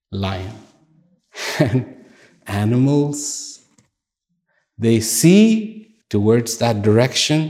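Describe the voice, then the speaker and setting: A man's voice: medium pitch, darkish tone. A man telling a fable as a motivational speaker, emphatic and full of rhetorical questions. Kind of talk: storytelling motivational talk.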